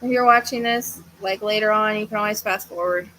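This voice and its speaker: This psychic medium livestream host talks a little fast in a medium-pitched voice that sounds pushed and bright. She is at home with a fan running, chatting casually but tiredly, hesitating, rambling, using many fillers and sometimes yawning. The recording is poor, with slight background noise.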